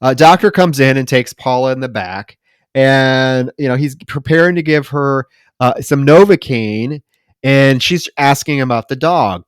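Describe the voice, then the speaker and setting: A man's voice: mid-range voice, unhurried, smooth, no echo, studio quality. A man co-hosting a podcast, casually and animatedly retelling a horror film scene by scene with plenty of swearing. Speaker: podcast co-host. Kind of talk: casual film review chat.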